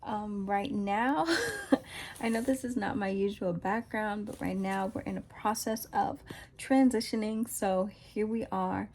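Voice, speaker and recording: A woman's voice: medium pitch, fairly even intonation, a little slow, a little mellow, a little hiss or hum. A woman in a casual vlog Bible study who retells scripture loosely in slangy, conversational words. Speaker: Christian vlogger sharing a Bible reflection.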